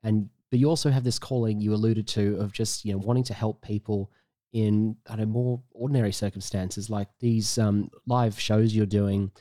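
A male interview host asks long, unhurried questions in a casual tone. His low voice is mellow and flat. It is recorded close and dry, with no room sound. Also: no room sound.

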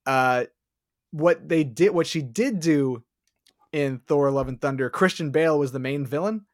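A man's voice: fairly high pitch, unhurried. Laid-back man co-hosting a podcast. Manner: opinionated, laid-back, with frequent fillers. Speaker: podcast co-host. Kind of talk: casual chat.

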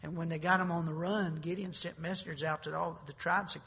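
A man preaches in a long-reverb hall, his voice gravelly and husky yet bright and sharp. He is an emphatic pastor who jokes with the congregation and often stumbles over repeated words before pushing on. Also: a little high, level tone, fast, hardly any pauses. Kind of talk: sermon.

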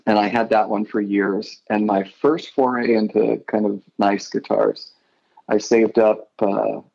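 A man's voice: fairly low pitch, flat delivery, a little slow, vocal fry, darkish tone, muffled recording. A middle-aged man from Idaho, a guitarist guest, telling rambling stories in a casual interview and often correcting himself.

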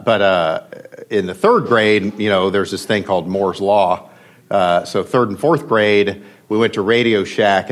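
A middle-aged man with a somewhat low voice speaks as a podcast guest. He tells his stories in a halting, emotional way and often restarts his sentences. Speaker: podcast guest, venture investor. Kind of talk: storytelling in conversation.

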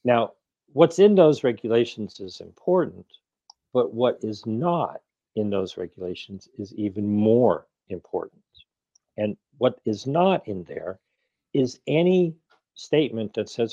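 A man's voice: on the low side, expressive, unhurried, mellow, dry recording, dull audio. A man in his sixties, speaking as an activist guest in an interview, arguing emphatically and posing rhetorical questions. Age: 60s. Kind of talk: interview conversation.

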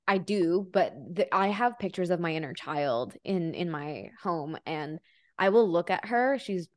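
Chatty lower-voiced woman podcast host. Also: lively intonation, unhurried, dry recording, clean studio sound. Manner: chatty, emotional, says "like" often. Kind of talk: conversational podcast interview.

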